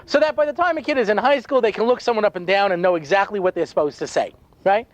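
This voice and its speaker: Rabbi guy cracking dry sarcastic jokes, high voice, talks fast. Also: no room sound, dull audio. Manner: sarcastic, wry storytelling with many asides. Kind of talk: humorous storytelling lecture.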